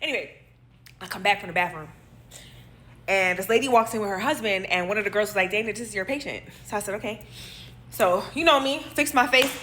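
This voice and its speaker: A woman's voice: mid-range voice, brisk. A young adult woman, a nurse, casually telling a personal story to her followers, acting out what people said and laughing as she goes. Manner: animated, acts out quotes, laughs while telling.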